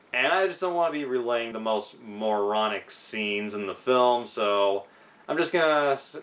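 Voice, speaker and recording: A man's voice: medium pitch, a bit bright. A young man reviewing a film in a casual vlog, sounding frustrated as he criticizes it. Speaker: movie reviewer.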